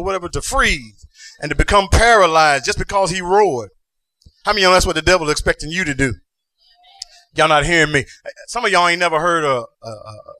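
A man preaching, his voice high and bright. He works the room with call-and-response, building into sing-song shouted peaks. The sound is dry and close. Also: no echo. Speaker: pastor. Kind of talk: sermon.

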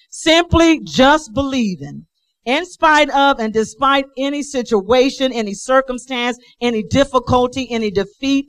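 A woman's voice: on the high side, fairly bright tone, dry recording, poor audio. A woman preaching and praying in a sermon, emphatic and repetitive, with call-and-response. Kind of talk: sermon and prayer.

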